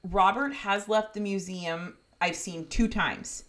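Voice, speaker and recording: A woman co-hosting a podcast, casually recounting a story with swearing and quick impressions. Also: mid-range voice, fairly even intonation, fairly bright tone. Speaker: podcast co-host.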